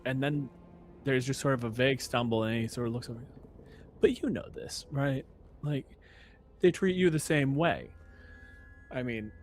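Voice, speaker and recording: A man's voice: mid-range voice, a little hiss or hum. Casual male game master. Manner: casual, filler-heavy narration. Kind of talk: narrating a tabletop game.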